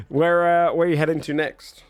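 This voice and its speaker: A man's voice: on the high side, smooth, no echo. A man narrating as game master, rambling with lots of filler sounds as he describes scenes. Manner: rambling, many fillers and restarts.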